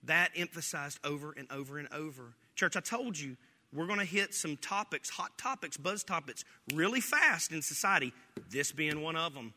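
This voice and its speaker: A pastor delivers a lively, joking sermon and laughs often along the way. His voice sits fairly high with a very bright edge. A long hall reverb trails every phrase. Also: moderate pace.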